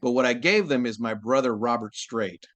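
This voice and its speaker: Animated Texan-born male voice actor, dry sound. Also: medium pitch, normal speed, no echo. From Texas, USA. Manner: animated anecdotal storytelling. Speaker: voice actor guest. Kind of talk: casual interview chat.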